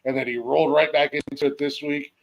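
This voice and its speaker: A man's voice: on the high side, flat delivery, quick pace, vocal fry, lo-fi sound. A man from Ohio hosting a casual football podcast, easygoing, with plenty of fillers. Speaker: podcast host. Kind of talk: casual sports chat.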